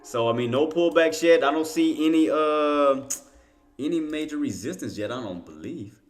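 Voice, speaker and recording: A man's voice: a little high, lively intonation, moderate pace, faint music behind. A man giving casual, rambling live trading commentary, talking to himself, laughing often and using slang. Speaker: stock trading streamer.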